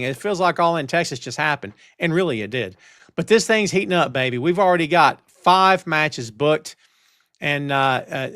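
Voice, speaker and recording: Brief: middle-aged male stream host, fired-up casual chat, high voice, dry close mic. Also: no echo. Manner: animated, ranting, talks straight to the chat. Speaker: wrestling show host. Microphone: headphones and studio mic.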